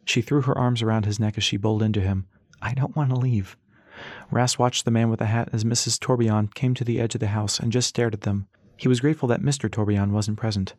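A man narrating an audiobook in a steady storytelling manner. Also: fairly low pitch, fast talker, no echo, studio quality. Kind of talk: scripted narration.

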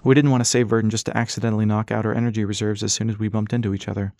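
A man's voice: fairly low pitch, flat delivery, rapid-fire, a little mellow, dry recording, studio quality, close to an everyday voice. A man voicing Callie, a composed young woman in an audiobook, matter-of-fact in tone.

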